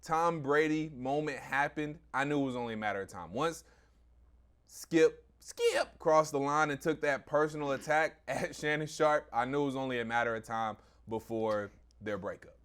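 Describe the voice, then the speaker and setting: A man's voice: medium pitch, normal speed, fairly bright tone, clean tone. A man, a sports radio personality, debating sports media in a confident, emphatic, point-by-point way.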